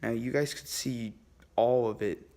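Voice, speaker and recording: Young man telling a hushed scary tale. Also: mid-range voice, fairly even intonation, unhurried, creaky. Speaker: vlogger. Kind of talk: first-person scary story telling. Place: at home, indoors. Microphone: handheld camera.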